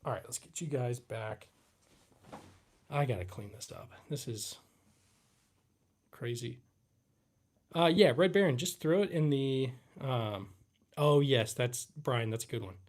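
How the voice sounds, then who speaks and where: A man's voice: medium pitch, unhurried, long pauses. Laid-back young man chatting on a livestream. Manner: relaxed, rambling, reads chat aloud with fillers. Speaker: livestream host. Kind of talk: casual live Q&A chat.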